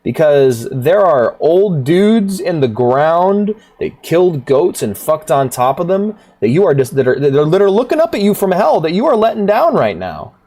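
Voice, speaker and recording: A man's voice: a little high, very animated, moderate pace, hardly any pauses, a little mellow. A man streaming a rhythm game, chatting casually in a rambling, profane way, laughing often. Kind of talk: casual livestream chat.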